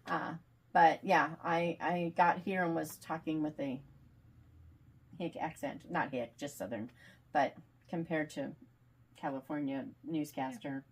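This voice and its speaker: Chatty, animated woman author. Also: low-pitched, slightly rough. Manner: chatty, animated, quick to laugh. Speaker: author being interviewed. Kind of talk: casual video call chat.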